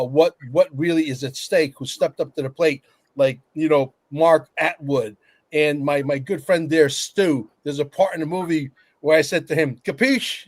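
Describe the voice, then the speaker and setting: A chatty man hosting a roundtable podcast. His voice sits a little high and sounds dry and close. He talks with eager, upbeat energy. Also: darkish tone, dry recording. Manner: chatty, enthusiastic, self-promoting. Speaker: podcast host. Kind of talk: casual roundtable chat.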